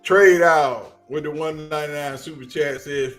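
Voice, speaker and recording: A man with a Southern US accent giving a casual, animated sports commentary on a livestream, telling stories in slang. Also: on the high side, normal speed, soft background music.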